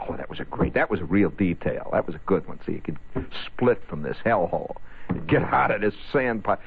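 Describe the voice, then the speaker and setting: Husky, sardonic male radio storyteller. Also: deep voice, fairly quick. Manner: rambling, sardonic, animated. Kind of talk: comic storytelling monologue. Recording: tinny phone-like old radio audio.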